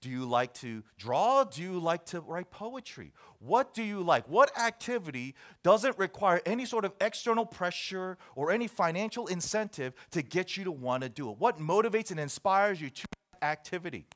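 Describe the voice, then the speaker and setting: A man's voice: high voice, very animated, moderate pace, few pauses, a bit bright. A man preaching a sermon, reading a list aloud and joking with his listeners. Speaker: pastor.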